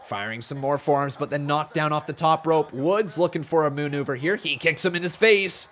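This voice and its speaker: A man hosting a live wrestling watch-along, calling the action play by play and talking to his viewers, bursting into loud excitement at big moments. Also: fairly high pitch, brisk. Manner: excitable, swings from calm play-by-play to loud shouting; talks to viewers in chat. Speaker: live-stream host.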